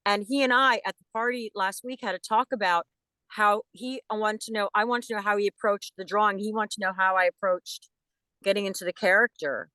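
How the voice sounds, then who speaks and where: Lively woman voice actress, dry sound. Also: mid-range voice, smooth, dry recording. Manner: animated, enthusiastic, talks in quick restarts. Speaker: voice actress guest. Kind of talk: casual interview chat.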